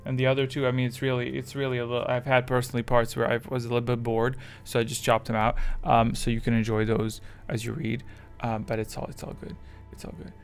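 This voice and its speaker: A man's voice: medium pitch, little pitch movement, quick pace, clear, resonant tone, soft background music. A man chatting casually with his live chat as a streamer, rambling and self-deprecating, with English that is not his first language.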